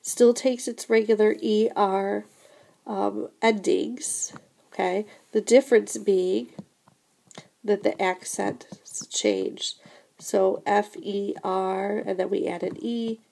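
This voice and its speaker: A slow, patient woman teaching a French lesson, walking through verb endings step by step. Her voice is mellow and a little gravelly, with an unhurried, steady delivery. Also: mid-range voice. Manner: slow, patient explaining with frequent "so again" and "remember". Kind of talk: recorded classroom lesson.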